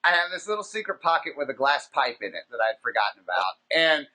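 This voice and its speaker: A man hosting a podcast, telling a long, profane anecdote in a casual, animated, rambling way. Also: mid-range voice, fast. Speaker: podcast host. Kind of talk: casual storytelling.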